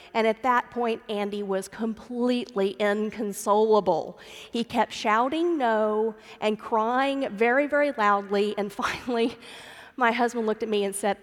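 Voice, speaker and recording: Woman pastor preaching in a reverberant church. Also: medium pitch. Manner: warm storytelling, addresses congregation as friends. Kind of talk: sermon. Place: church sanctuary.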